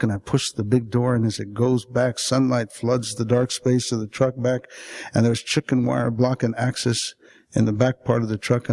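A man reading first-person fiction aloud at a literary event, intense, climbing toward near-shouts at the peaks and slowing to a hush in the grim passages. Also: mid-range voice.

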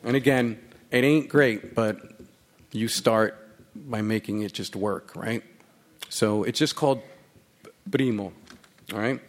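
Before reading his work on stage, this author jokes with the live audience in a fairly low voice. His pace is slow with frequent pauses, and the banter is profane, playful and full of crowd-teasing.

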